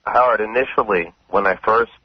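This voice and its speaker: Husky male caller, fast and awkward, lo-fi radio sound. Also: fairly low pitch, no echo. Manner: awkward, apologetic. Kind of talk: phone call to a radio show. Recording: dull lo-fi radio broadcast.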